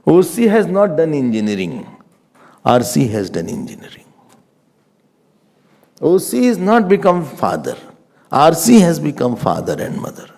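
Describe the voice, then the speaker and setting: A man's voice: fairly high pitch, wildly swooping pitch, a little slow, gravelly, pauses often, a little mellow. A man giving a scripture class lecture as a Vedanta teacher, patiently repeating his points for emphasis.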